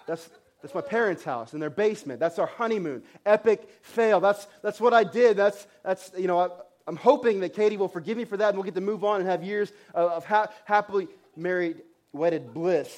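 A man in his thirties preaches a sermon in a noticeably high voice. He tells his story in an animated, self-mocking way, often restarting his phrases. He sounds like a pastor speaking to his congregation.

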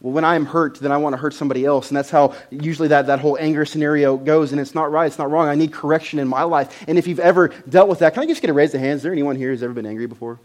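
A man preaching a sermon to a congregation, conversational, with loud emphatic bursts and frequent repeated words. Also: a little high, fairly even intonation, rapid-fire, few pauses. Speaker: pastor.

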